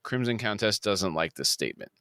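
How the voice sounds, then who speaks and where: A man co-hosting a podcast, narrating scene descriptions in an episode recap. His low voice moves a lot and sounds bright. The sound is dry and close. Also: expressive, brisk, creaky, dry recording. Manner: reads scene descriptions aloud. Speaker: podcast co-host.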